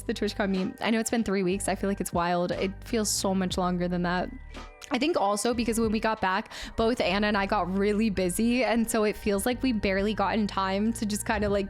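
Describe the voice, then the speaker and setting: A woman streamer chatting casually with her viewers, reading their messages aloud and laughing often. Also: on the high side. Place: home streaming setup.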